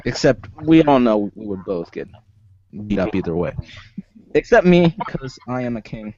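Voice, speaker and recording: A man's voice: mid-range voice, big pitch swings, normal speed, a little mellow. A young man co-hosting a podcast in casual chat, joking and boasting goofily. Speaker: podcast co-host. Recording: muffled lo-fi mic.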